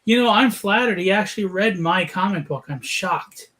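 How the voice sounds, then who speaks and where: A man's voice: high voice, normal speed, fairly bright tone. A man co-hosting a casual livestream, chatty, with teasing banter. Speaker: co-host.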